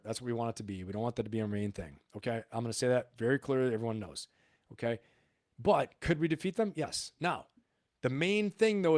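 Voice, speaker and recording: A man's voice: medium pitch, dry recording, studio quality. A man hosting a live show, talking casually and rambling with frequent laughs. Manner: animated, rambling, laughs often. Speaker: livestream host.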